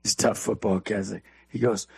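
Gravelly man telling an energetic story. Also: on the low side, quick pace, dry recording. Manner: energetic, preachy storytelling with quoted dialogue. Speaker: youth speaker and guest. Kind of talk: storytelling in a faith talk interview.

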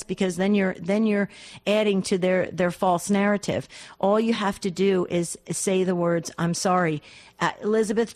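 A woman co-hosting a call-in radio show, gently and earnestly counseling callers. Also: medium pitch. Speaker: radio co-host, advice giver. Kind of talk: call-in advice talk.

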